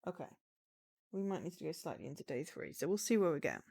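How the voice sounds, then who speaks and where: A woman's voice: deep voice, animated, fast, creaky, warm tone. A woman streamer chatting casually with her viewers, rambling with restarts.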